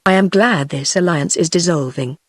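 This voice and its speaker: A woman's voice: on the low side, moderate pace, no echo, close to an everyday voice. A British-accented synthetic woman's voice reading the lines of an aging English king in formal archaic speech. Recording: dry synthetic voice.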